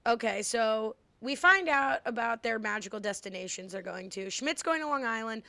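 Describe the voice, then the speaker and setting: A young American woman co-hosting a casual podcast, chatting playfully as she recaps an episode. Her voice is bright and forward and sits a little high. It is recorded close and dry. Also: expressive, normal speed, vocal fry, no echo. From United States. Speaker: podcast co-host. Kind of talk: casual chat.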